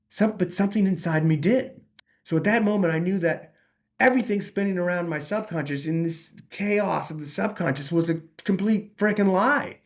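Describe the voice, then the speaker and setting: A man's voice: high voice, normal speed. A man, a recovery channel host, talks earnestly about his path out of addiction, rambling with frequent restarts and acting out his own thoughts in voices. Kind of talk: personal recovery talk.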